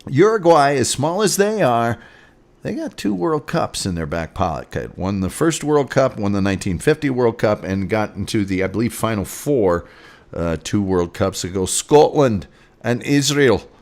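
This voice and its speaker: A man's voice: mid-range voice, big pitch swings, normal speed, creaky, darkish tone. A man hosting a casual sports show, rambling through scores with sarcastic asides. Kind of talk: casual sports commentary and rants.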